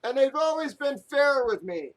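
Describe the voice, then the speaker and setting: A man's voice: very high voice, big pitch swings, moderate pace, rough recording. A man hosting a live stream, ranting angrily to his viewers, swearing often and rambling with restarts. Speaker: live stream host breaking sports card boxes.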